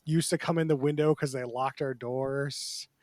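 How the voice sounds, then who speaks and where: A man's voice: mid-range voice, fairly even intonation, moderate pace, darkish tone, dry recording. A man co-hosting a casual podcast chat, talking loosely and acting out quotes in put-on voices. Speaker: podcast co-host.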